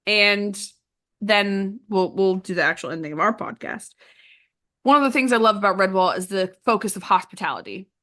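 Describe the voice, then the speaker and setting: A woman's voice: mid-range voice, sharp tone. A woman hosting a book podcast, reading passages aloud expressively and chatting casually with restarts and fillers. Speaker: podcast host. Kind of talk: casual book club chat.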